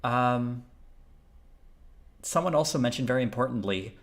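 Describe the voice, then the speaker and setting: A man's voice: mid-range voice, animated, a little slow. A man streaming live, chatting and reacting in a rambling, amused way.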